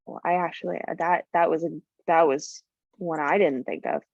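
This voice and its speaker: A woman's voice: sits low, steady tone, normal speed, a little mellow, dry recording, lo-fi sound. A woman teaching a live coding class, thinking aloud with many fillers and talking bluntly about clients. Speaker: coding bootcamp instructor.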